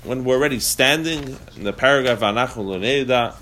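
A man with a medium-pitched, sharp-toned voice speaks fairly quickly, teaching a religious text class live to a group. He thinks aloud with frequent restarts and fillers, chanting the Hebrew prayer lines in a rhythmic lilt.

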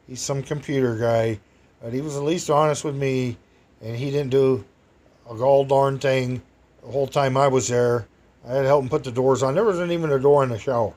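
In a darkish, mid-range voice, a man tells an audience a rambling, chatty personal anecdote that wanders as he goes, breaking into exclamations and chuckles.

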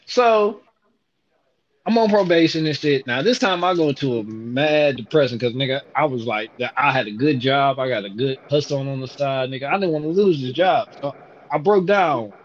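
A man's voice: medium pitch, normal speed, lo-fi sound. A man telling a story in a casual way, brash and full of profanity.

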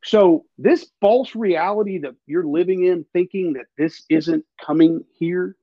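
A fairly high-voiced man rants emphatically and with plenty of swearing, like a podcast host. The sound is dull and lo-fi, with a dry, close room. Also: no room sound. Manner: emphatic, profane, ranting. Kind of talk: casual political chat.

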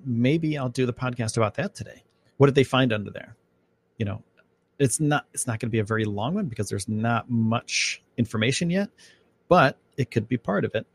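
A man hosting a casual live podcast, talking in a loose, rambling, chatty way full of fillers, from home. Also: medium pitch. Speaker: podcast host.

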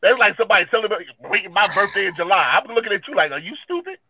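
A man's voice: sits high, fast, lo-fi sound, a crowd in the background. A man co-hosting a podcast in a joking, sarcastic manner during casual group chat. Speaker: podcast co-host.

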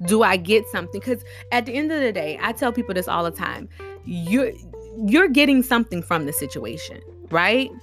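A woman with a lowish voice gives relationship advice in a casual, animated monologue packed with rhetorical questions and informal, slangy speech.

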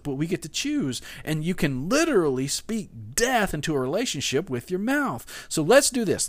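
A male pastor delivering a sermon in an easygoing, chatty manner, leaning on fillers as he talks it through. His voice swings lively up and down in pitch. The sound is close and dry, with no room around it. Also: dry recording. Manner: conversational, animated, with frequent fillers.

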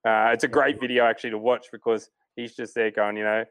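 Male co-host, casual rambling sports chat, mid-pitched, dry close recording. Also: steady tone, fast talker, fairly bright tone, dry recording. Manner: rambling, many fillers and restarts. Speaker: golf podcast co-host.

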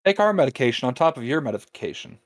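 A man's voice: mid-range voice, very animated, quick pace, no echo, clean studio sound. A man hosting a podcast, joking and bantering playfully. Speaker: podcast host. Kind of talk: casual chat.

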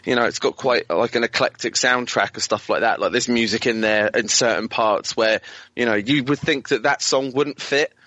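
A man's voice: medium pitch, moderate pace, pushed and bright, no echo. A man co-hosting a podcast, giving blunt, opinionated takes in a casual chat. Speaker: podcast co-host. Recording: dull, dry lo-fi mic.

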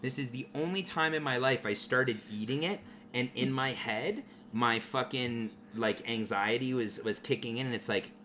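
A man, hosting a podcast and telling a profane, animated story in casual talk. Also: medium pitch, moderate pace, hardly any pauses. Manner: profane, animated anecdote teller. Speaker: podcast host.

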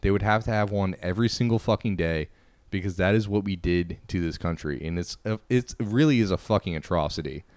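A young man with a very low, smooth voice co-hosts a podcast. He rambles in crude, casual banter, heavy on fillers. The close mic sounds dry. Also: fairly quick, a little mellow, dry recording. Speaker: podcast co-host. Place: indoor room, couch.

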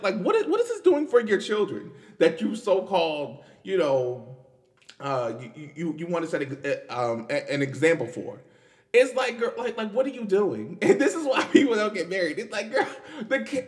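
High, lively man laughing through commentary. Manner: animated, laughs often, repeats "girl" and "like". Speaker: podcast host. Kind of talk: casual commentary.

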